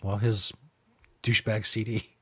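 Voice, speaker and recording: A man's voice: on the low side, level tone, measured pace, bright, forceful tone, slightly rough. A man hosting a comedy show, ranting and mocking with heavy swearing. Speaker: host. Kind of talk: profane comedic rant.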